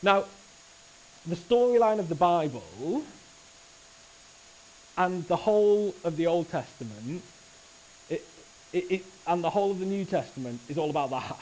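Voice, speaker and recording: Male preacher, earnest and lively delivery, voice sits a little high, faint hiss behind. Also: measured pace, long pauses, rough recording. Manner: earnest, animated, with frequent restarts. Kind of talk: sermon. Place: church service.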